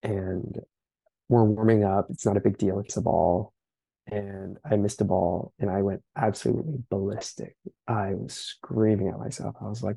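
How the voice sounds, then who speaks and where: A young man, the guest of an interview, telling his story in an earnest, reflective way, pausing often with fillers. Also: fairly low pitch, steady tone, creaky, mellow, slightly rough, no room sound, poor audio. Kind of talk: candid personal account.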